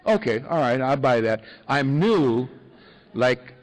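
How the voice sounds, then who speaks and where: A man's voice: medium pitch, lively intonation, slow pace, poor audio. Wry self-mocking man telling his story. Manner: wry, self-mocking, lots of fillers and chuckles. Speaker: speaker sharing a recovery story. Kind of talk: storytelling to an audience.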